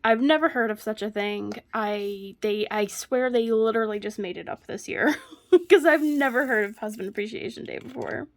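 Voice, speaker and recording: Chatty woman, slightly high voice. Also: normal speed. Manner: chatty storyteller, laughs often mid-sentence. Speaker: crafting vlogger. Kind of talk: casual chat while crafting.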